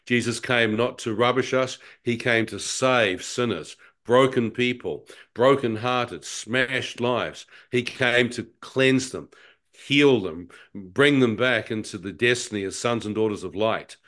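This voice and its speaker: A man's voice: mid-range voice, measured pace, fairly bright tone. New Zealand man telling his testimony. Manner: emphatic storyteller with frequent stammered restarts. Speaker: guest. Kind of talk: personal testimony in an interview.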